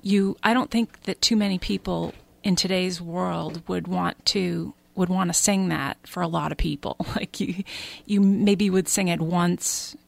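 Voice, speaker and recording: A woman talking as a guest in a casual interview, rambling in an animated way and laughing as she talks. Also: fairly low pitch, a little slow, gravelly, hardly any pauses.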